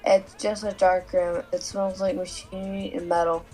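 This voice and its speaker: Woman reading a fanfic haltingly. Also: lowish voice, little pitch movement, a little mellow, soft background music, rough recording. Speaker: guest reader.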